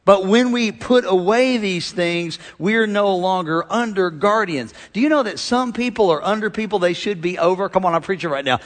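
A middle-aged pastor delivers an animated sermon, his fairly high male voice ringing through a big church hall with a long reverb tail. He drops low and quiet to tell stories, then climbs back up to call on the congregation. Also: moderate pace, few pauses. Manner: animated preacher, swinging from loud exhortation to quiet storytelling.

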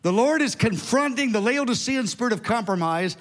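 High-voiced older man preaching in a reverberant hall. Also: brisk. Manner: animated, emphatic, conversational asides. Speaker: pastor. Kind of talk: sermon storytelling. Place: large church hall.

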